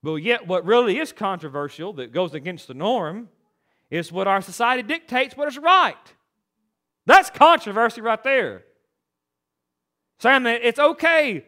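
A man's voice: extremely high pitch, very animated, a little slow, sharp tone. A man preaching a sermon as pastor, emphatic and preachy, with stammered restarts.

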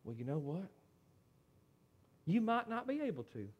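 A man preaching a sermon, swinging from loud dramatic pleading to hushed, low lines. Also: very animated, normal speed, muffled recording.

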